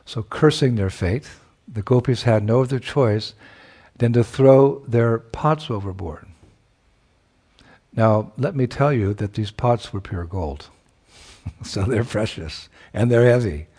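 A man preaching a sermon by retelling a sacred story, reflective, chuckling at times and pausing to search for words. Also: mid-range voice, warm tone, husky.

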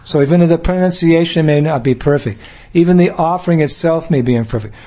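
A man's voice: fairly high pitch, fast talker, dark tone. An older American man giving a devotional talk, playful, acting out little scenes and laughing along. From United States. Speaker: spiritual teacher.

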